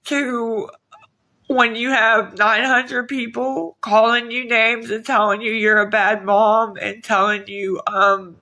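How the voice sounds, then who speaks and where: A woman chatting on a live stream, reading viewers' comments and asking for donations, weary and sighing, with halting restarts. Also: medium pitch, pushed and bright, rough recording.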